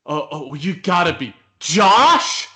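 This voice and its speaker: Casting note: childish sitcom boss, outbursts, slightly high voice. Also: male voice, animated, moderate pace, fairly bright tone. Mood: panicked. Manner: incredulous, rising into panicked outbursts. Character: excitable, childish male office boss. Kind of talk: sitcom acting.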